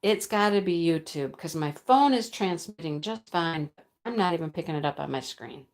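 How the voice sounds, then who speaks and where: A woman's voice: on the low side, lively intonation, normal speed. Chatty woman live-streaming in an echoey room. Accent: American. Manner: chatty, laughs often, reads out viewer comments. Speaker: livestream host. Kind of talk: casual live-stream chat. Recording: roomy echo.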